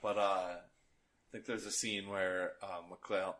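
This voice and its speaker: A man's voice: sits low, flat delivery, slow, fairly bright tone. A young man from the United States co-hosting a casual movie review podcast, laughing often and quoting lines. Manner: laughs often, quotes lines in put-on voices. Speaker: podcast co-host.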